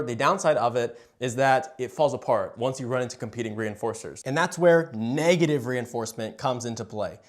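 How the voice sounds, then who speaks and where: A young man, a dog trainer, talks straight to the camera in a lively, hands-on way, often stopping to ask "you see?". His voice sits at an ordinary middle pitch. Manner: animated, checks in with "you see?". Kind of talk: explaining to camera.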